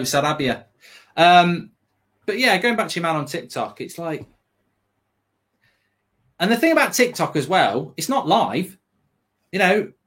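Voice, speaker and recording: A man's voice: fairly high pitch, a bit bright, husky. A man, a football pundit, chatting casually with a rambling, self-mocking manner and lots of fillers. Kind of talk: casual storytelling chat.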